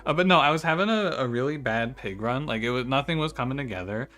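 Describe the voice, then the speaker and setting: A man with a bright, forward voice chats loosely with his viewers while he plays, cursing casually and laughing between thoughts. Faint music sits under his talk. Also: mid-range voice, animated, fast talker. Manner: chatty, swears freely, laughs while talking to chat. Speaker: game streamer. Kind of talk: casual live-stream chat.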